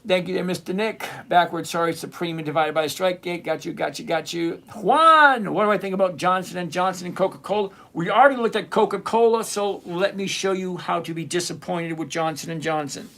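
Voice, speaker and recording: A man's voice: sits high, a little fast, vocal fry, hardly any pauses, pushed and bright. A man hosting a live trading stream, chatting with viewers by name and teasing them as he walks through option math. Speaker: livestream trading show host. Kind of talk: live-stream chat answering viewer comments.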